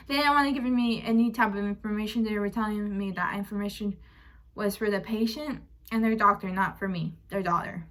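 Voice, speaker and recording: A young woman talks straight to her viewers in a candid, personal vlog, retelling a hard family ordeal. Her voice sits at a middle pitch. She sounds frank and emotional, acts out arguments with "I'm like" and lets a curse slip now and then. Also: fairly even intonation, brisk, fairly bright tone. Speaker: vlogger. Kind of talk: candid personal storytelling to camera.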